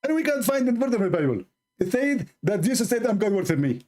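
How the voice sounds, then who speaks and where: A man doing a mocking impression of a pompous, sputtering male preacher in a much higher voice. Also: big pitch swings, fast talker, a little mellow.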